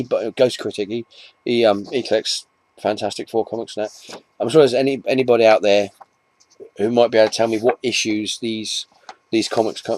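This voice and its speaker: With a lowish, darkish voice, a comic collector vlogger from England chats informally to camera. He wanders off topic, frequently restarts what he's saying, and makes self-mocking asides.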